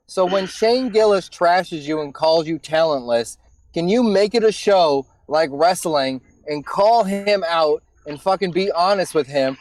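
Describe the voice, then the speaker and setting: A man's voice: a little high, expressive, normal speed, a little mellow. A man hosting a podcast while stoned, speaking loosely and challenging his guest. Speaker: podcast host. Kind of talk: podcast interview.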